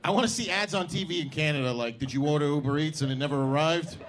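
A man performing stand-up comedy, animated and quick to act out other people. His voice sits a little high. The recording is from a live room, with a loud audience crowd and steady noise behind him. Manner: animated, acts out characters in put-on voices. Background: audience laughter.

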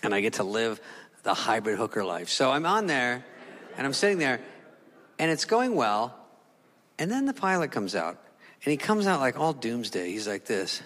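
A male stand-up comedian tells a story, and his voice jumps high and panicky when he acts himself out. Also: sing-song, moderate pace, a bit bright. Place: comedy club stage before an audience. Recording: live from a hall with crowd noise. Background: audience laughter.

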